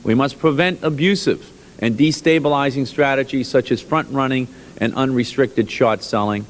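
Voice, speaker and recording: A man chairing a congressional subcommittee hearing, reading a formal opening statement in a measured, emphatic way and clearing his throat now and then. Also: medium pitch, slight background noise. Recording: archival hearing room audio with long reverb.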